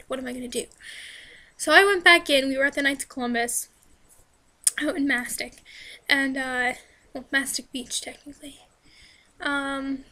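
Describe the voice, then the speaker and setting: A young woman talks into her camera, her high voice bright and sharp. She rambles with plenty of fillers and restarts, and her voice sounds a little hoarse. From New Jersey. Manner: chatty, rambling, many fillers and "like". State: hoarse, voice straining. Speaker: vlogger. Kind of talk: casual Q&A storytelling.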